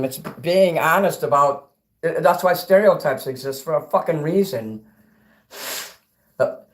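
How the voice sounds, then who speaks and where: A middle-aged man livestreaming and reading chat, ranting angrily and profanely, swinging between loud outbursts and quiet asides. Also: fairly high pitch. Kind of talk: angry livestream rant.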